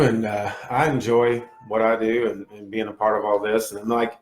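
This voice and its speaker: A man's voice: fairly low pitch, level tone, normal speed, reverberant, rough recording. A man talking as a podcast guest in casual chat, hesitant, with many fillers.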